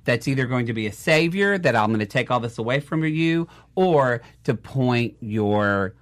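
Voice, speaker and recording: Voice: medium pitch, lively intonation, moderate pace. Podcast co-host, mid-range voice, casual, rambling. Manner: rambling, casual, restarts thoughts. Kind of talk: casual chat recapping a show.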